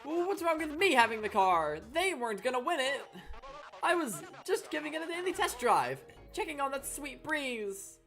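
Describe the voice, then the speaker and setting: A brash male television showman from a video game, voiced by a woman reading along. He brags in a high, swooping, theatrical delivery. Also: big pitch swings, normal speed, a bit bright, faint music behind, heavily acted. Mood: boastful showman. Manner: theatrical, showy, boastful. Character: boastful male TV-headed showman host.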